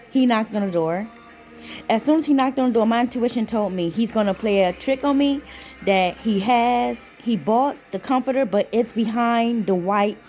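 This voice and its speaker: Chatty woman vlogging from bed. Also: medium pitch. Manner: chatty, swears freely, animated retelling. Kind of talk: casual storytelling vlog. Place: lying in bed at home.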